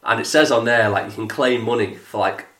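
A man, telling a story in a casual podcast chat, animated and swearing, mimicking others in a flat lowered voice. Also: fairly quick. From England. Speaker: podcast co-host. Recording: echoey room.

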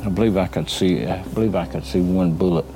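A man's voice: deep voice, brisk, over music. A man hesitantly retelling what he saw, in an interview. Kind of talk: recalled interview account. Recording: faint background noise.

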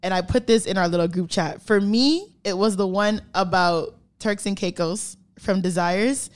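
A woman's voice: medium pitch, normal speed. A woman co-hosting a podcast, telling stories in casual chat, acting out quotes and swearing freely. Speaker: podcast co-host.

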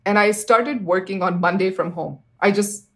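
A woman in her thirties, an interview guest, telling a personal story earnestly, with fillers like "you know" and sudden jumps up in pitch when she acts out what people said. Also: moderate pace, a bit bright. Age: 30s.

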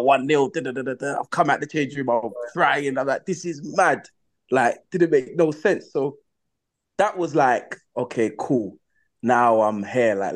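Animated young footballer telling stories. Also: male voice, mid-range voice. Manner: animated, slangy, acts out his own past reactions. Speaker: guest footballer. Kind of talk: casual storytelling in a podcast interview.

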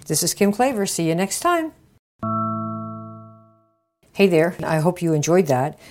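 A woman with a slightly low voice hosts a casual marketing podcast and coaches her listeners directly. She acts out short exchanges, lifting her voice for each imagined speaker before she drops back into her own plain, easy tone. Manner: acts out little dialogues with lively shifts of tone.

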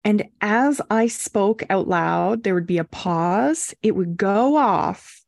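Gravelly young mom telling a story. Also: female voice, medium pitch, slow pace, no room sound, clean studio sound. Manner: animated, acts out quotes with swearing and laughs. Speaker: podcast co-host. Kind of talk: casual storytelling chat.

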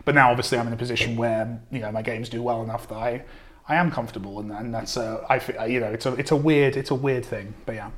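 A man's voice: medium pitch, steady tone, fast talker, a bit bright. Hesitant man with a mildly posh English accent. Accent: mildly posh southern English. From southern England. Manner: self-deprecating, hesitant, many restarts and fillers. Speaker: game writer, guest. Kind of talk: casual podcast conversation.

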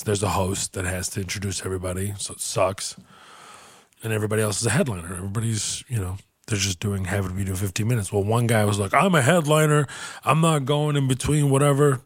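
A man with a lowish voice spins a swear-laden anecdote in casual podcast chat, jumping into put-on voices for the people he quotes. The sound is dry and close, with no room around it. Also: dry recording. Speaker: podcast host and comedian.

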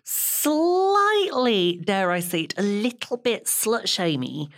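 A woman co-hosting a podcast, chatting casually about a TV series in a measured, wry way. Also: medium pitch, sing-song. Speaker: podcast co-host. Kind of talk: casual chat reviewing a TV series.

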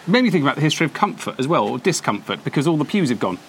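A man's voice: a little high, sing-song, racing. A man co-hosting a podcast, chatting casually and musing with frequent ums, recorded outside in a windy courtyard. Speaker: podcast co-host. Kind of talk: casual chat.

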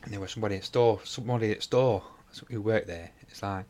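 A man's voice: fairly low pitch, fairly even intonation, fast talker, warm tone. Rambling, swearing man. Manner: rambling anecdotes, heavy swearing, acts out dialogue. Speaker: podcast co-host. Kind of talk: casual chat.

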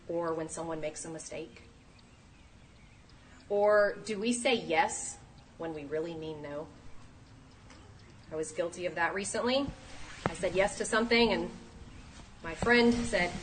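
A woman in her thirties giving a sermon, lively and acting out the voices she quotes. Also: on the low side, measured pace, pauses often. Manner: animated, acts out quoted voices. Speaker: speaker at a church talk. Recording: distant mic, faint room noise.

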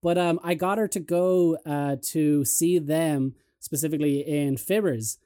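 A man hosting a podcast in casual chat, telling stories in a lively way and mimicking other people's voices. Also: fairly high pitch, measured pace, smooth. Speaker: podcast host.

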